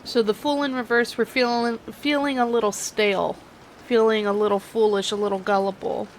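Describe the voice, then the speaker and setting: A woman's voice: on the high side, fairly even intonation, normal speed, slight background noise, rough recording. A young woman with a Californian accent that slips into a southern drawl, giving a chatty, self-mocking tarot reading. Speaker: tarot reader. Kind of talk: casual tarot reading chat.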